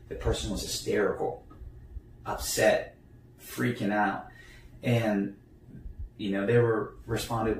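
In a casual interview conversation, a young male guest rambles along, full of fillers and restarts. He speaks at a measured pace in a darkish voice on the low side, captured by a distant mic in an echoey room with faint background noise.

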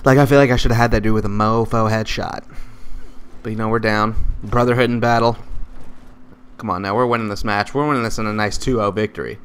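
A man giving loose, rambling live commentary over his own multiplayer match, excitable and full of profane, jokey trash talk. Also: fairly low pitch, brisk, slight background noise. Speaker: gaming commentator.

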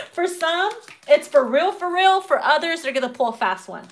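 A woman's voice: on the high side, moderate pace. A woman giving a casual tarot reading, brash and profane, laughing often and acting out people's reactions, with her voice getting worn. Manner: animated, acts out quoted reactions. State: losing her voice. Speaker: tarot reader.

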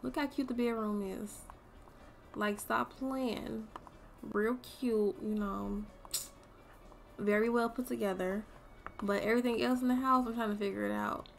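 A young woman streaming a game, chatting casually to her viewers and swearing freely as she thinks out loud. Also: a little high, steady tone, unhurried, creaky, pauses often, faint music behind. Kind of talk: casual gameplay commentary.

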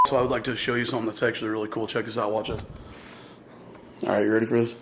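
A man's voice: lowish voice, level tone, racing, a bit bright, slight background noise. A goofy, playful middle-aged man chatting casually in a home vlog, sometimes talking with his mouth full, from his computer room at home. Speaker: vlogger.

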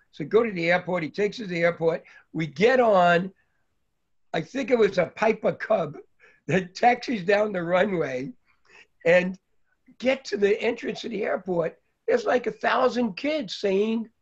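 A man's voice: high voice, expressive, measured pace, long pauses, husky. An older man from New York telling a long, rambling story about his early days, with many fillers along the way. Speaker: guest speaker. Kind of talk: anecdotal storytelling. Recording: dull lo-fi recording.

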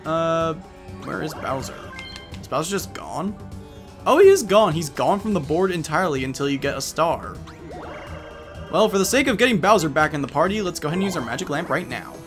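A man's voice: fairly high pitch, very animated, fairly quick, soft background music. A man casually commenting on a party video game, rambling and joking, often breaking into silly voices. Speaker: let's play gamer.

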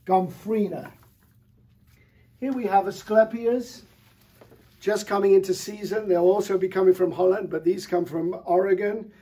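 A middle-aged man presenting flowers in an enthusiastic, relaxed showcase talk, with frequent fillers. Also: sits high, a little slow, long pauses, breathy edge. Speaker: florist presenter.

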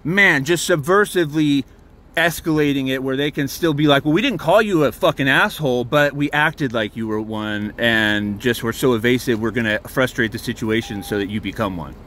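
A man's voice: mid-range voice, moderate pace, bright, forceful tone. A man talking from inside his parked truck into a handheld phone, telling a heated, rambling story and swearing often. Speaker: vlogger filming a confrontation. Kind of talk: agitated first-person recounting.

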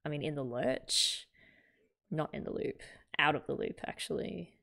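A woman's voice: sits low, unhurried, creaky, pushed and bright. An Australian woman hosting a manga reaction, casually thinking aloud and correcting herself as she goes. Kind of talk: casual reading and reaction commentary.

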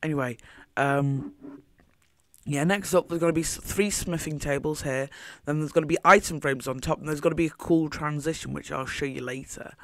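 A man's voice: a little high, fairly even intonation, moderate pace, a bit bright, dry recording, studio quality. A man giving casual commentary over his own game footage, rambling and thinking aloud as he goes.

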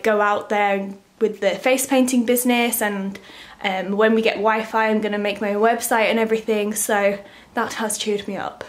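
A young woman, chatting casually to camera as a vlogger, rambling and full of filler words. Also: on the high side.

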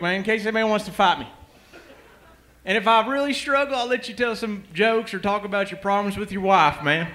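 On a comedy club stage before a live audience, a guest fighter at a roast riffs into a handheld mic, his voice high, fairly quick and a bit bright. The improvised banter is rowdy, crude and boastful, with constant swearing.

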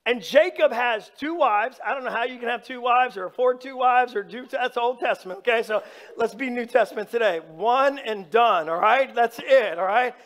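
A pastor giving an animated, informal sermon, talking straight to his congregation. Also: very high-pitched, moderate pace. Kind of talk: conversational sermon.

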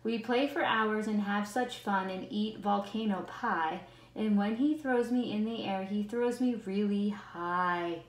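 A woman teacher reads a picture book to her class, taking her time and putting plenty of expression into each page. She stops often to point things out and ask the children questions. Her voice echoes around a roomy classroom. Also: mid-range voice. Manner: slow, expressive, chats with the listening kids. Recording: roomy echo.

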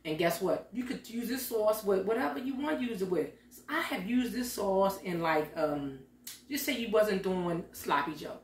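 A woman's voice: medium pitch, animated, moderate pace. A middle-aged woman vlogging from her home kitchen, chatting in a folksy way and talking straight to her viewers. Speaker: lifestyle vlogger. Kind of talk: casual chat to viewers. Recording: echoey room, voice from a distance.

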